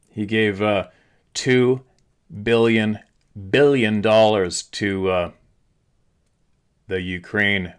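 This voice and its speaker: Low monotone guy venting, frustrated rant, swears a lot. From Canada. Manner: frustrated, ranting, profane. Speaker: channel host. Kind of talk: ranting monologue.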